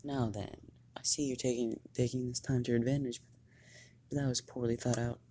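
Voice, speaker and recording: A fan storyteller voicing a male tentacled alien teacher who lectures his students, with halting repeated words in fan story narration. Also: medium pitch, level tone, dark tone, a little hiss or hum, lightly acted. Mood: stern.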